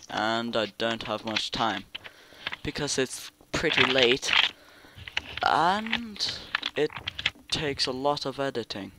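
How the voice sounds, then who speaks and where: A young man doing excitable, casual commentary over a game he plays. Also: mid-range voice, heavy background noise. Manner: excitable, yelps and laughs at the game. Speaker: gaming YouTuber.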